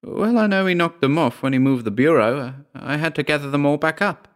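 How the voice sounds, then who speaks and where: A man's voice: on the high side, brisk, pitched above the performer's own voice, close to an everyday voice. A man playing a fussy, bewildered old aunt. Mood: puzzled. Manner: prim, fussing exclamations.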